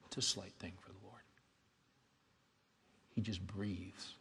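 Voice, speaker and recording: A man preaching a sermon as a pastor, dropping to quiet, hushed lines and then rising to loud, fervent exhortation. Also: low-pitched, fairly even intonation, a little slow, gravelly, long pauses. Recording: long hall reverb.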